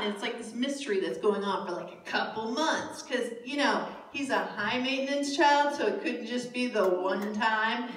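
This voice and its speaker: A woman telling a comic story to a live cafe audience, chatty and laughing, often breaking into high shrieks. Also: normal speed, hardly any pauses. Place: cafe stage before an audience. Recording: echoey cafe room from far off, noisy.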